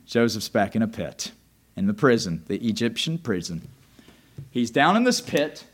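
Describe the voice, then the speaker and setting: A man preaching a sermon as a pastor, telling a story in an animated, conversational way. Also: fairly low pitch, moderate pace. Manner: animated, conversational, often restarts.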